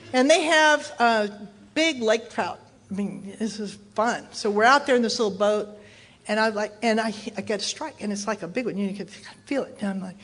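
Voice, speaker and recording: Woman from Texas, recovery speaker, candid self-mocking storyteller, slightly high voice. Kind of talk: personal story told to an audience.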